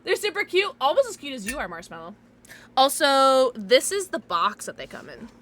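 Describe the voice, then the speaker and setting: A woman's voice: high-pitched, big pitch swings, normal speed, a bit bright. A young woman streaming from home, chatting casually with viewers in a giggly, tipsy, chatty way. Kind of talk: casual livestream chat with viewers.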